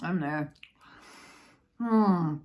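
A woman's voice: fairly low pitch, drawn-out words, lo-fi sound. Woman vlogging, rambly and chatty, says oh my god a lot, just talking to camera. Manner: rambling, chatty, repeats herself; frequent exclamations. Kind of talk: casual vlog chat.

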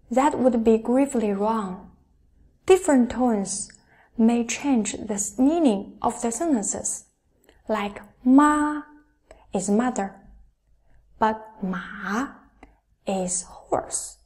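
A young adult woman teaching a Chinese lesson, carefully demonstrating each sound aloud in slow pronunciation drills. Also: a little high, dark tone.

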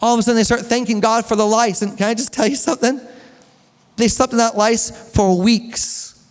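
A man's voice: very high voice, fairly even intonation, brisk. A man preaching a sermon as a pastor, telling a story, asking the congregation questions and joking with them. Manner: storytelling, asks the congregation questions, jokes and laughs. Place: church hall with long reverb. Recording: echoey church hall.

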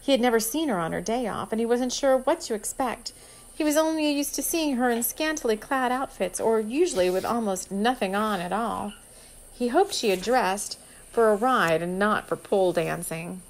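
A woman's voice: a little high, moderate pace, rough recording. Woman reading her own story aloud. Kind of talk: storybook narration.

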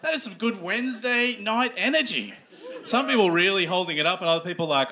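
A man hosting a stand-up comedy show, animated and swearing as he acts out characters. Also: high-pitched, fairly quick. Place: comedy club stage before a live audience. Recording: live room with audience noise.

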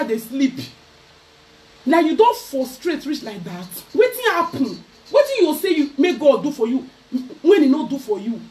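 A Nigerian woman vlogger ranting loudly to camera in a mocking, scolding way. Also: sits high, a little hiss or hum. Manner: loud, mocking, switching into Pidgin. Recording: voice a bit far from the mic.

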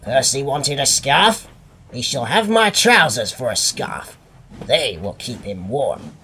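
A man's voice: mid-range voice, very animated, slow pace, bright, forceful tone, a little hiss or hum, full character voice. A man voicing a stout, pompous male railway boss who scolds and blusters. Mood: cross.

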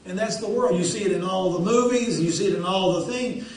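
A man's voice: high voice, fairly quick. Pastor, man, folksy repetitive preacher; heard from afar in a very echoey sanctuary. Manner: folksy, repeats phrases for emphasis. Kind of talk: sermon. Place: church sanctuary. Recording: very echoey church hall, distant.

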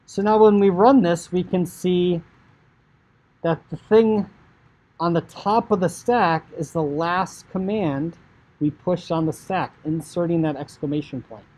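Casual male coding teacher, breathy tone, chatty screencast narration. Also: sits high, a little slow, darkish tone, rough recording. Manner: chatty, filler "like", acts out inner thoughts. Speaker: high school computer science teacher.

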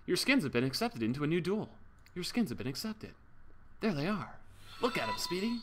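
A man's voice: fairly high pitch, very animated, fairly quick, slight background noise. A young man streaming a game, chatting casually, joking around and thanking viewers. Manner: goofy, jokey, thanks viewers. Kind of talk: casual livestream chat.

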